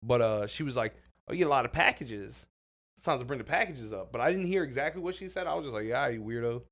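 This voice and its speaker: A man co-hosting a casual podcast, his voice sitting at an ordinary middle pitch. He tells stories with lots of animation, laughs often, and swears freely. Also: lively intonation, quick pace, a bit bright. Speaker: podcast co-host.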